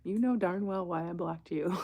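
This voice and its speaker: A woman's voice: on the low side, normal speed, warm tone. A woman hosting a jewelry-making livestream, chatting casually and laughing often, sometimes dropping to a whisper while she works. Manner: chatty, laughs often, reads viewer comments aloud; drops to a whisper while working. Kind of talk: casual live chat while crafting.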